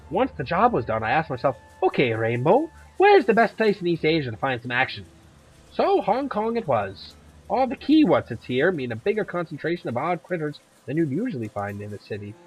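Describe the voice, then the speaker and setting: A man voicing a tough middle-aged Irish woman who hunts monsters, with a put-on Irish accent that drifts toward Scottish and a blunt, gruff, chatty way of talking. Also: a little high, a bit bright, full character voice, low-quality recording.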